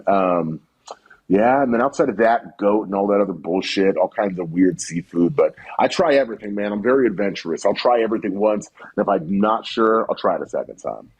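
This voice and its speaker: A man in his thirties chatting as a podcast guest, an animated storyteller who swears freely and slips into quoted voices. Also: fairly low pitch, slightly rough, poor audio. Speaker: podcast guest, cooking content creator. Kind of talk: casual podcast chat.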